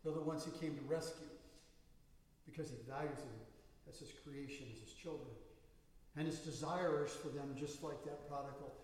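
Guy preaching in a big echoey church, kinda high voice, mic far off. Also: steady tone, normal speed, darkish tone. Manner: storytelling, rising to emphatic bursts. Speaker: pastor. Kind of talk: sermon. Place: church sanctuary.

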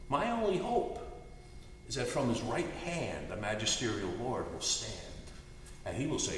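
A male pastor preaching a sermon in an animated, earnest, storytelling manner. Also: mid-range voice, moderate pace, a little hiss or hum. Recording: echoey hall, distant mic.

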